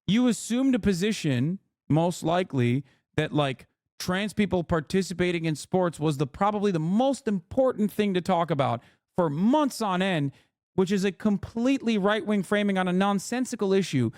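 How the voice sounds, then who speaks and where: A man's voice: high voice, expressive, normal speed, darkish tone, no echo, studio quality. A man streamer giving heated political commentary, ranting with exasperation and heavy swearing. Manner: mocks others in put-on voices.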